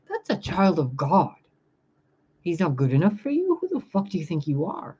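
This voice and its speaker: A spiritual reader speaking bluntly and profanely in a casual livestream rant, reading out viewer comments and answering them. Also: male voice, on the high side, big pitch swings, normal speed, warm tone, slightly rough, lo-fi sound.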